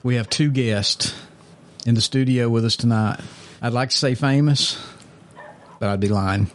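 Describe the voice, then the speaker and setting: A man's voice: mid-range voice, steady tone, measured pace. A man hosting a casual podcast chat in a small studio, teasing and joking with his guests. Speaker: podcast host.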